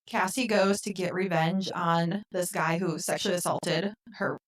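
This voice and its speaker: A woman co-hosting a podcast, retelling a film in casual chat and acting out the characters' lines with lively swings. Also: fairly low pitch, measured pace. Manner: animated retelling, acts out quotes. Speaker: podcast co-host. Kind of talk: casual movie recap chat.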